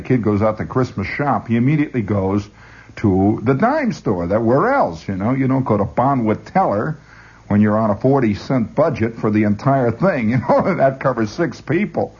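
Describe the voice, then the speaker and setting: A man's voice: mid-range voice, expressive, moderate pace, a little mellow, breathy edge. A man hosting a rambling radio monologue, full of stammered restarts and chuckling asides. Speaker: radio host. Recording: dull lo-fi radio recording.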